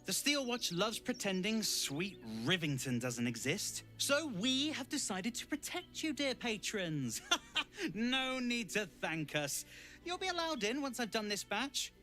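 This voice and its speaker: A male circus barker in a video game, greeting patrons with sing-song flattery. The voice sits high and bright. It swoops in theatrical waves, with faint music behind. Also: measured pace, full character voice. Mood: showy. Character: showy male circus barker, smooth-talking.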